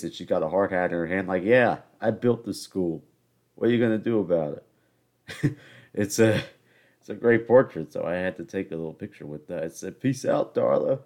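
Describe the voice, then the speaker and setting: A man's voice: deep voice, a little mellow. A young man hosting a podcast alone, rambling through stories in a joking, off-the-cuff way. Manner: rambling, joking, self-interrupting. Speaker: podcast host. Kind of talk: casual solo monologue.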